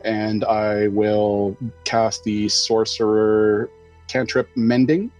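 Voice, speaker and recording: A man playing a tabletop game, deliberately declaring his character's actions. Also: fairly low pitch, fairly even intonation, a little mellow, soft background music. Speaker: player.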